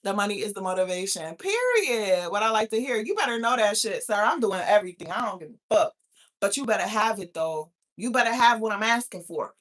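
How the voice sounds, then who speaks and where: A woman's voice: medium pitch, lively intonation, a little fast. A woman in her thirties hosting a talk show, chatting casually in a brash, profane, laughing way. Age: 30s. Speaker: podcast host. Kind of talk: casual chat.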